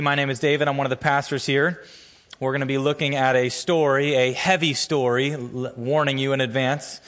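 A man preaching a sermon as a church pastor, opening with a prayer and telling a story with earnest emphasis. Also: fairly bright tone. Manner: storytelling, earnest, builds emphasis with rising pitch. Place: church sanctuary.

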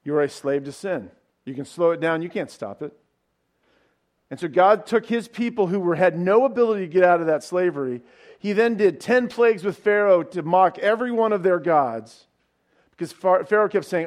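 A man with a high voice preaching a sermon. He retells the story like a storyteller, tossing in casual asides and asking his listeners questions as he goes. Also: lively intonation, normal speed, a little mellow. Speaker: pastor.

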